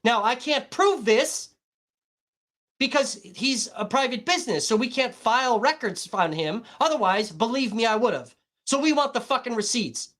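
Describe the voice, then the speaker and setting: A woman's voice: fairly high pitch, animated, normal speed, fairly bright tone. A woman live streaming, swearing constantly in an irritated, combative rant. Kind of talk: livestream rant.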